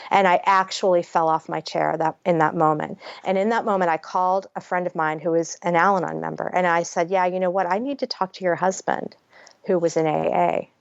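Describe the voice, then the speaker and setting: A woman's voice: on the low side, fairly even intonation, a little fast, creaky, clear, resonant tone, dry recording. A woman guest author telling her personal story frankly in a podcast interview, chatty and peppered with swearing. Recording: dry, slightly dull audio.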